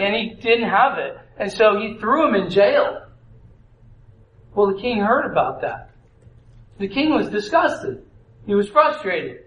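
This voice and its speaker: A man delivers a sermon on marriage in a casual, conversational way. His voice sits very high for a man, and he keeps asking his listeners questions and acting out the people in his stories. The room gives his voice a strong echo. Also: lively intonation, a little slow, fairly bright tone, muffled recording. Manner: conversational, asks the audience questions; acts out story voices. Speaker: preacher. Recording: echoey room.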